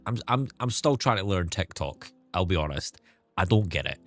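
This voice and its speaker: Low-voiced Scottish man streaming. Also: sing-song, moderate pace, soft background music. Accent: Scottish, toned down. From Scotland. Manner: chatty, thanks viewers, swears casually. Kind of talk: casual livestream chat while gaming.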